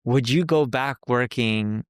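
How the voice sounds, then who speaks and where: A man's voice: mid-range voice, slow pace, smooth, dry recording, studio quality. A man in his forties co-hosting a podcast, telling a personal story in casual, conversational chat and quoting the people he talks about. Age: 40s. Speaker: podcast co-host.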